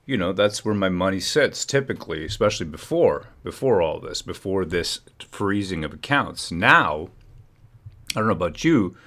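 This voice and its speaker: A man's voice: low voice, animated, normal speed, a bit bright. A man hosting a live stream, commenting heatedly and often restarting his phrases. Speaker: livestream host.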